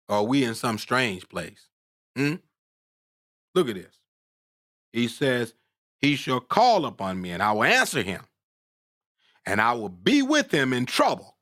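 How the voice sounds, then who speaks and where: A man preaching a sermon, drawing out scripture slowly and asking "hmm?" between points, climbing into fervent shouts. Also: sing-song, no echo, clean studio sound. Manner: call-and-response "hmm?", rising to fervent shouts; drawls scripture slowly, then climbs in pitch when worked up.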